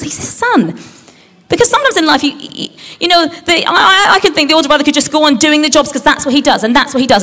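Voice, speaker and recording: Animated woman telling a Bible story. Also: on the high side, gravelly. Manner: animated, acts out the characters, asks the audience questions. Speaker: children's talk leader. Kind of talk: Bible story talk for children.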